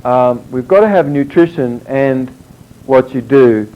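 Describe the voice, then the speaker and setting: Halting male health lecturer, lo-fi. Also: mid-range voice. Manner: rambling, halting, with many fillers and restarts. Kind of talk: informal lecture with anecdotes. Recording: dull lo-fi recording with faint background noise.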